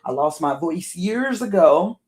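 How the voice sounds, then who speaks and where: A middle-aged woman with a deep alto voice, hoarse and worn, rambling through casual live-stream commentary and greeting viewers by name. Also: lively intonation, a little slow, a little mellow. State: hoarse, voice wearing out.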